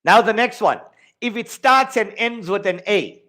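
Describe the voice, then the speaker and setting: A man with a South African accent teaching an online exam-prep maths lesson over a video call, lively and jokey, counting steps out loud. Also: high voice, measured pace.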